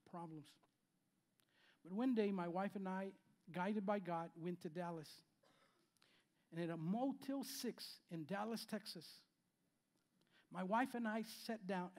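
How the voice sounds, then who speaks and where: A pastor in his fifties preaches with a high voice for a man. He swings between loud, emphatic lines and quiet asides, and he repeats key phrases as he goes. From Spanish-speaking background. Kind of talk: sermon. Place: church sanctuary.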